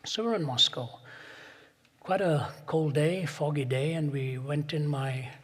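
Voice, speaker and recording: In a large hall, a man preaches a sermon through stories, building to emphatic peaks and going soft for quoted asides. His voice is a little high and his pace measured.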